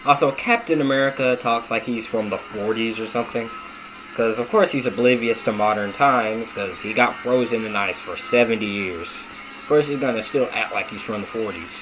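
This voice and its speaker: A man's voice: fairly low pitch, normal speed, over music, poor audio. A young man giving an enthusiastic, rambling video-essay commentary on a cartoon. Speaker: video reviewer.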